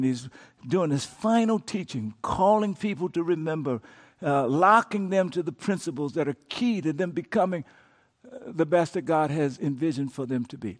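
A male pastor preaching a sermon with call-and-response, building up to shouting. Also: a little high. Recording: long reverb of a large hall.

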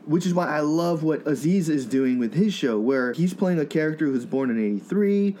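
A man co-hosting a podcast in casual chat, speaking thoughtfully and haltingly with fillers. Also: a little high, lively intonation, warm tone, a little hiss or hum. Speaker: podcast co-host.

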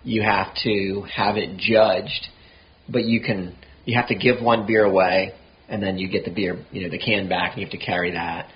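A man's voice: low-pitched, fairly even intonation, moderate pace. A man hosting a casual, easygoing podcast interview. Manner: easygoing, chuckling. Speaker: podcast host. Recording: dull lo-fi sound with faint hiss.

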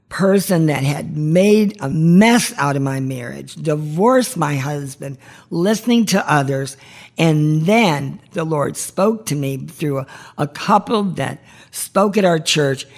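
A woman hosting a marriage ministry podcast, giving heartfelt devotional teaching in an earnest, pleading way. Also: low-pitched.

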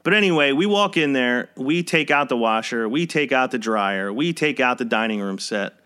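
Bright-voiced man telling a wry story. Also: mid-range voice, animated, normal speed, clear, resonant tone. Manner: wry, conversational, chuckles through the story. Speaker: podcast host. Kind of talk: casual anecdote storytelling.

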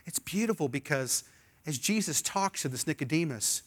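A middle-aged male pastor preaching a sermon, animated and leading the congregation in call-and-response. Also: a little high, moderate pace.

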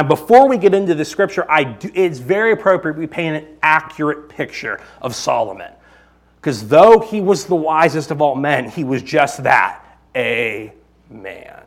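A pastor with a fairly high-pitched man's voice delivers a sermon. He talks to the congregation like a friend, joking and tossing in quick asides. When he prays, his tone turns hushed and reverent.

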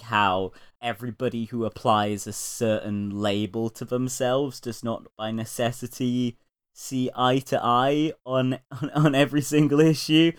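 A man co-hosting a casual podcast, speaking at an ordinary middle pitch. He swears freely and laughs often as he recounts things, his delivery loose and animated. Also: smooth. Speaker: podcast co-host. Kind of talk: casual chat.

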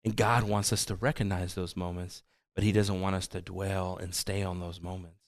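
A man preaching a sermon, earnest, swinging between soft and loud, repeating his phrases. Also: low voice, little pitch movement, moderate pace, dry recording, clean studio sound. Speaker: pastor.

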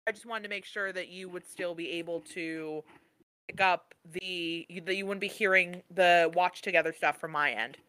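Bright, excitable podcast co-host, dry mic. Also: medium pitch, normal speed, smooth, dry recording. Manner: rambling, self-interrupting, excitable. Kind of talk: casual chat. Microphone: own mic on a remote call.

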